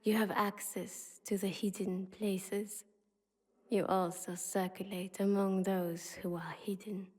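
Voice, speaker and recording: A woman voicing the spirit of a city in a whispered role-play, speaking slowly in a breathy, intimate hush. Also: mid-range voice, level tone. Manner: slow, hushed and intimate. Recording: long hall reverb.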